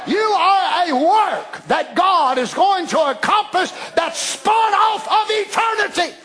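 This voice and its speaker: A man preaching a sermon in a fiery, emphatic way, often raising his voice to a shout. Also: extremely high pitch, animated, slow, some chatter behind.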